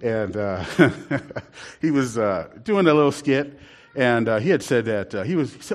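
A man's voice: medium pitch, animated, moderate pace. A man telling a rambling church story in a casual, laughing way. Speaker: church member telling a testimony.

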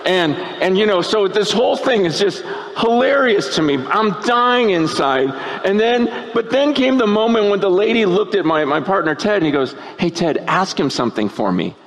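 A pastor telling a laughing personal story within a sermon, then turning earnest. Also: male voice, sits high, animated, moderate pace, hardly any pauses.

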